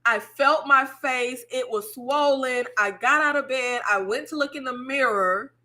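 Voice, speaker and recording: A woman hosting a casual chat with her viewers, telling stories in an animated way, laughing and swearing freely. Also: high-pitched, slow pace. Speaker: YouTube host.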